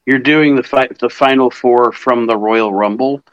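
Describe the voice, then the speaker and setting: A man's voice: mid-range voice, steady tone, moderate pace, clear, resonant tone, highs cut off. A man co-hosting a podcast, mostly giving short agreeing replies in casual chat. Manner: agreeable, brief backchannel replies. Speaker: podcast co-host.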